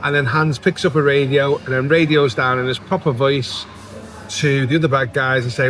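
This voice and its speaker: A man's voice: mid-range voice, steady tone, moderate pace, a bit bright. A man co-hosting a casual film podcast, easygoing, recapping the plot with many fillers. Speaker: podcast co-host.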